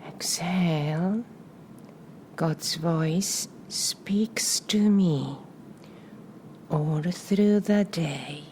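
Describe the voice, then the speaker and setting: A woman leading a guided meditation in a soft voice that often drops to a breathy whisper, repeating short phrases and calm cues with long pauses in between. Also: fairly low pitch, slight background noise. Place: live session in front of a small audience.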